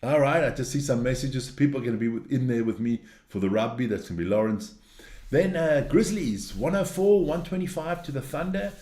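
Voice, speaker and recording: A man's voice: medium pitch, expressive, brisk, dark tone, reverberant. A man hosting a sports news show, reading through results in a casual, blunt and opinionated way, ranting and cursing as he goes.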